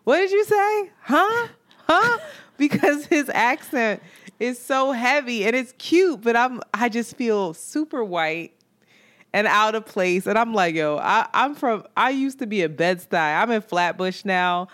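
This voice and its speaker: Woman podcast cohost spilling a dating story, loose and animated, cussing and doing everyone's lines. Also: on the high side, measured pace. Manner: animated storytelling, swearing, acting out quotes. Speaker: podcast co-host. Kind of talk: casual chat. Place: New York.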